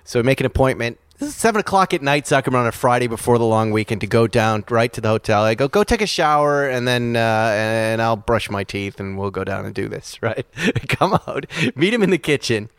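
A man co-hosting a podcast, telling a story in an animated, self-mocking way and laughing as he goes. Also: medium pitch, fairly quick, few pauses, clean tone, dry recording, studio quality. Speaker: podcast co-host. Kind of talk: casual chat, storytelling.

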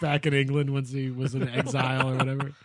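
A man co-hosting a comedy podcast, wry and often halting mid-sentence. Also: mid-range voice, little pitch movement, fairly bright tone, slight background noise. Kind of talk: casual comedic chat.

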